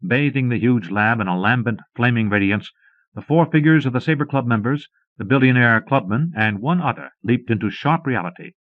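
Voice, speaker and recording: A man reading a pulp short story aloud as an audiobook narrator, in a measured storytelling read. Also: medium pitch, no echo. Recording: dull lo-fi cassette audiobook.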